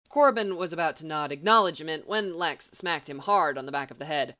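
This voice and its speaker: A woman narrating a story in a steady, even reading voice. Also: sits low, a little fast, few pauses. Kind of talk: audiobook fiction reading.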